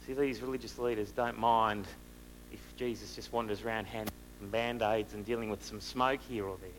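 A man preaching a sermon, asking the listeners rhetorical questions and moving between loud and hushed delivery. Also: fairly low pitch, fairly even intonation, fairly quick, slight background noise, low-quality recording.

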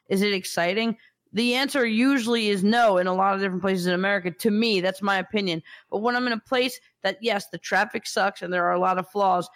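High-voiced man telling stories. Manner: animated storyteller, crude. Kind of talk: casual group chat.

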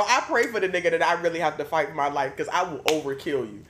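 A man hosting a podcast, telling stories in a casual, animated, profane way. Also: a little high, fast, noisy background. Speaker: podcast host. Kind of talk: casual chat.

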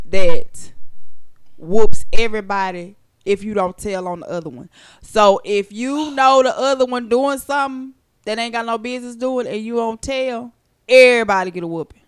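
A woman co-hosting a podcast, chatting casually and telling stories in an animated, blunt way. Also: on the high side, moderate pace, smooth. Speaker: podcast co-host. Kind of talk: casual chat.

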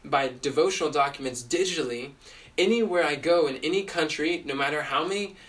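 A man with a slightly raised voice teaches in a casual podcast, earnest and quick, often restarting his sentences and filling gaps with small words. His voice sits a little back from the microphone. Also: a little high, a bit bright, distant mic. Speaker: podcast host and Bible teacher.

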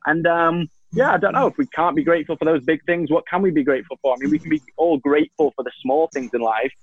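A man's voice: on the high side, fast talker, slightly rough, no echo, lo-fi sound. A man with a Manchester accent, a guest on a talk show, telling stories casually with a rambling, filler-heavy delivery. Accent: Mancunian English. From Manchester, England. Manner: laid-back, rambling, lots of ums and repeated restarts. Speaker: guest, YouTuber. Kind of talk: casual conversational storytelling.

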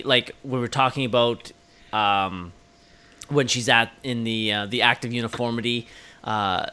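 A man's voice: medium pitch, sharp tone, clear, resonant tone. A man co-hosting a movie podcast, talking in an enthusiastic, casual way and swearing freely. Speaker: podcast co-host. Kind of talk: casual chat.

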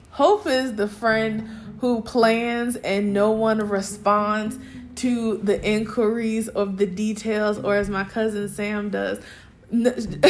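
A young woman with a fairly high voice hosts a casual podcast recap. She talks in a lively, unfiltered way, cursing freely and laughing often. Faint music plays quietly under her voice. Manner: animated, profane, laughing storyteller. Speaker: podcast host.

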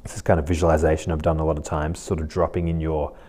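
A man hosting his own podcast, talking casually in a relaxed, rambling, reflective way. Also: rumbling low, fast talker. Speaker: podcast host. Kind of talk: casual solo podcast monologue.

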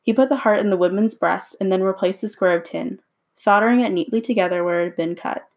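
A woman reading a storybook chapter aloud at a measured, unhurried pace with small slips. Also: mid-range voice, a little mellow. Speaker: reader.

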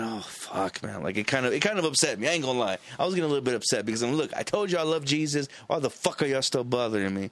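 Casting: male podcast co-host, low-pitched, loose profane rambling, dry close mic. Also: a bit bright, no echo. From Arizona. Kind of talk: casual chat.

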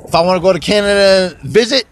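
A man's voice: high-pitched, fast talker. A man hosting a podcast alone, delivering an angry, rambling, profanity-filled rant while driving a car. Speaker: podcast host. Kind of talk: profane ranting monologue.

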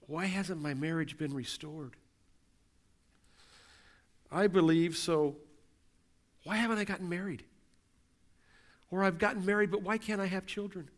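A middle-aged man delivers a sermon in a high, light voice. He preaches earnestly, stacking question after question in a steady refrain. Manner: earnest, repetitive rhetorical questions. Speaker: pastor.

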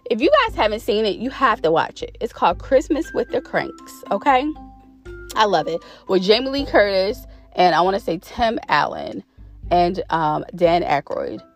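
A woman vlogger chatting casually to her viewers, animated and drawn out on the words she stresses. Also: mid-range voice, moderate pace, soft background music.

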